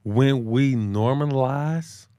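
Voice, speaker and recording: A man co-hosting a casual chat, talking in slang, calling his listener bro, and jumping up in pitch to press his points. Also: extremely slow, dry recording. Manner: animated, swings his pitch high when making a point. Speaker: podcast co-host.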